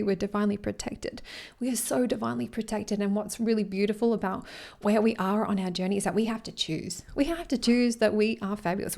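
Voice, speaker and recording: A woman talking casually to her followers in a rambling, earnest way, sometimes dropping to a soft whisper. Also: medium pitch, creaky. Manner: rambling and warm-hearted, often losing her thread. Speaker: vlogger speaking to her followers. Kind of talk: casual chat to camera.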